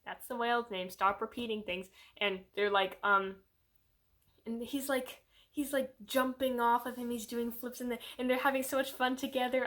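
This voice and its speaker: In a video on her own channel, a young woman gives a casual, rambling movie review, animated and packed with fillers, especially "like." She slips into voices when quoting characters, speaking a little high at normal speed.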